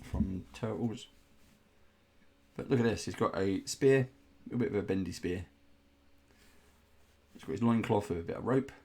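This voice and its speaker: A man with a voice on the low side, mellow with a breathy edge, talks at a moderate pace with long pauses. He's hosting a casual indoor unboxing of miniatures, chatty and rambling, letting out playful groans of disgust.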